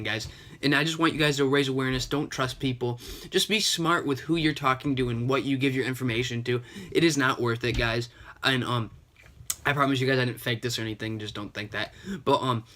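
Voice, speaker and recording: A man's voice: medium pitch, a bit bright. A young man, a gaming YouTuber, casually and sarcastically retelling a chat with a scammer, slightly sick and sniffling. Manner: chatty, retelling a chat with lots of "and he's like". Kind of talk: casual gaming vlog commentary.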